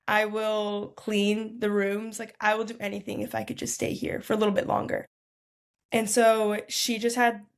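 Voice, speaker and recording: A young woman telling a long personal story as a podcast guest in a lively, chatty way. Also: medium pitch, creaky. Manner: lively, chatty, lots of "like" and "y'all". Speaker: podcast guest, food entrepreneur. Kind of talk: casual storytelling.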